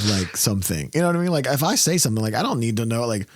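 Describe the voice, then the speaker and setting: Podcast guy ranting and cussing, pitch jumping all over, super dry close sound. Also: fast, few pauses, dry recording. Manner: ranting, animated, swears a lot, mocking voices. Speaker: podcast host. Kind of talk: casual profane podcast chat.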